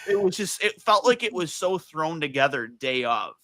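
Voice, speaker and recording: A man guesting on a podcast, telling stories in a heated, animated way with lots of fillers. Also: a little high, normal speed, dry recording. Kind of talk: casual chat.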